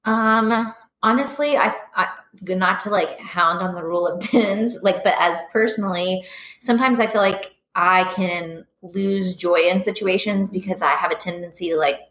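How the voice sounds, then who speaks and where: Earnest woman guest, lower voice. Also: normal speed, a bit bright. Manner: earnest, thoughtful, many fillers. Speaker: guest, business owner. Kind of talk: casual interview chat. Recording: echoey room.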